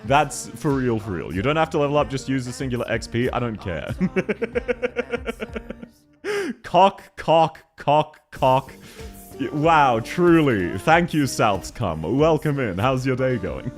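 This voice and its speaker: A man's voice: mid-range voice, big pitch swings, slow pace, faint music behind. A young man, streaming a game and chatting casually, joking, laughing often and reading chat aloud. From Australia. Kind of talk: casual live-stream chat while gaming.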